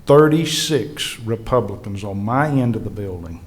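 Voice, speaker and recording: A man's voice: fairly low pitch, normal speed. A man, a state legislative leader telling earnest anecdotes to a history panel audience. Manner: earnest, animated storyteller acting out colleagues' words. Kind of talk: anecdotal storytelling to a live audience.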